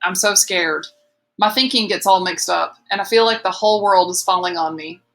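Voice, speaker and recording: A woman reading the part of a volatile, frightened teenage boy who shouts and then sobs in an audiobook. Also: on the low side, moderate pace. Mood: sobbing. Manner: shouting then sobbing, raw and accusing. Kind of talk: audiobook character voice.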